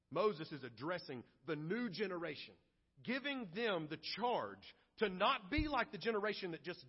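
High-voiced pastor preaching in a reverberant hall. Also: male voice. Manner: animated, acts out grumbling voices in his preaching. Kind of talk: sermon. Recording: lo-fi recording with long hall reverb.

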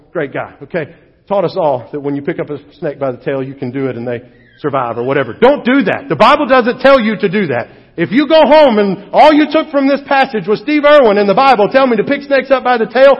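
A male pastor preaching a sermon with animated, humorous storytelling, recorded in a church hall. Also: high-pitched. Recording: dull echoey hall recording.

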